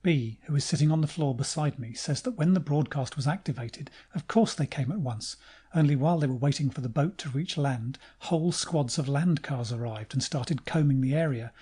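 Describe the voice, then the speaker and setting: Male audiobook narrator, dark mellow tone, measured first-person reading. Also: mid-range voice, husky.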